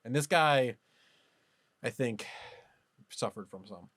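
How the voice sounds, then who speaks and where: A man co-hosting a podcast, telling a personal story in casual chat with animated bursts of laughter. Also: mid-range voice, slow, no room sound. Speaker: podcast co-host.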